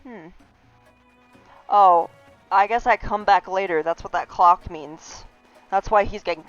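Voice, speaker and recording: A woman's voice: medium pitch, moderate pace. A woman game streamer giving chatty, rambling, giggly commentary live. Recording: slightly dull stream audio with faint game music.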